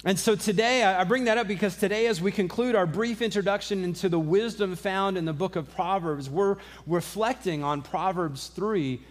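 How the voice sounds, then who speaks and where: Fairly high-voiced man preaching casually. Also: moderate pace, few pauses. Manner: conversational, with frequent restarts and dry asides. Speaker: pastor. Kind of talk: sermon.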